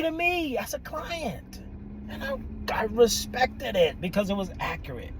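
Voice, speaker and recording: A man, a therapist and podcast host, telling a story in an animated way, often laughing and quoting people. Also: very high-pitched, unhurried, slight background noise, poor audio. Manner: animated, laughs often, quotes people in their own voices. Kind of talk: storytelling monologue.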